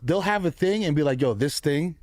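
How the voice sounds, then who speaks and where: A man's voice: fairly high pitch, lively intonation, a little fast, a little mellow, dry recording, studio quality. A man hosting a podcast in loose, slangy, filler-heavy casual chat. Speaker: podcast host.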